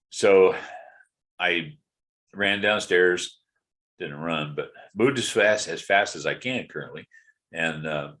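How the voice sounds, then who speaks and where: A man's voice: deep voice, fairly bright tone. A middle-aged man giving a rambling, candid personal update while sounding tired and congested. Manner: rambling, candid, many fillers and restarts. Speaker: video blogger.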